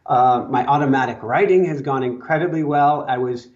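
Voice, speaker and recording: A man's voice: mid-range voice, normal speed. Easygoing man on dull lo-fi audio. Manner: easygoing, chuckling often. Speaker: podcast guest. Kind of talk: casual chat.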